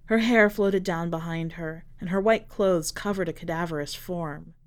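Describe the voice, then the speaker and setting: A woman narrating a dark short story for a fiction podcast in a measured, dramatic reading style. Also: on the low side. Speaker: podcast editor and reader.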